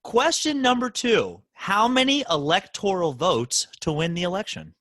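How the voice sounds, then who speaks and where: A man hosting a casual podcast, quizzing his guest with teasing, animated banter. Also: sits high, moderate pace, no echo. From Baltimore, Maryland. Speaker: podcast host.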